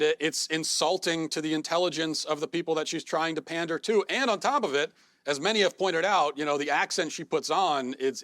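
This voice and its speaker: A man answering questions as a guest on a TV interview, measured with frequent fillers. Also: a little high, a bit bright, dry recording.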